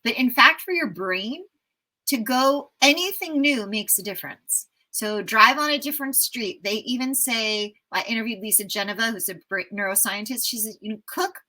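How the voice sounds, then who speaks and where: An American woman in her fifties, a travel writer, tells stories with enthusiasm as a guest in a casual interview. She's an animated storyteller whose voice is a little high and moves at normal speed, though the recording quality is low.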